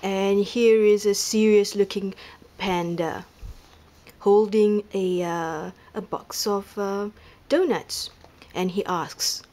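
A woman reading a children's picture book aloud in an amused, lively way. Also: medium pitch, takes it slowly. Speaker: reader.

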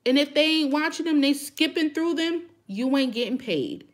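A woman's voice: high-pitched, lively intonation, normal speed. A woman hosting a live chat with her viewers, talking frankly and emphatically straight to them.

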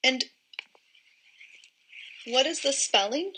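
Slow, bright-voiced phonics teacher woman. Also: a little high, animated, a little hiss or hum, low-quality recording. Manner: slow, drawn-out modelling of word sounds. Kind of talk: phonics lesson for young children.

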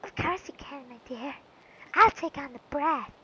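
A woman voicing a male villain gang leader, read in a deliberately girlish, smug voice. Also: sits high, bright, forceful tone, no echo, highs cut off, pitched above the performer's own voice.

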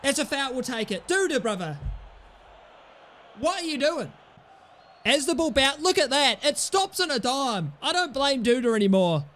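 Excitable high-voiced man commentating his game. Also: normal speed, pauses often. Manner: excitable, swings between muttering and yelling; cheeky, sweary banter at teammates. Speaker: gaming YouTuber. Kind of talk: live gameplay commentary.

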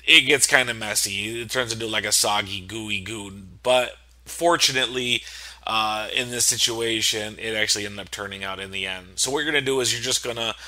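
A man's voice: mid-range voice, sharp tone. Laid-back rambling man explaining a recipe. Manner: laid-back and rambling, with many fillers and self-corrections; jokey and irreverent asides. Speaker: home cooking instructor. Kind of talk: casual cooking tutorial voice-over.

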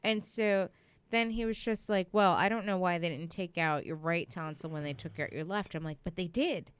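A woman's voice: fairly low pitch, moderate pace, smooth, dry recording. A young woman telling a story in casual chat, acting out the people she quotes. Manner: animated, acts out quoted dialogue, heavy use of "like".

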